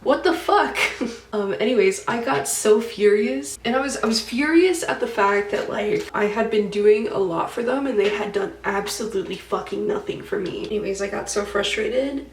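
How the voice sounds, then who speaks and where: A woman's voice: medium pitch, normal speed, hardly any pauses, roomy sound, far from the mic, slight background noise, rough recording. A woman doing a casual get-ready-with-me chat while doing her makeup, talking freely and swearing as she reads out and retells dreams. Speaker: beauty vlogger.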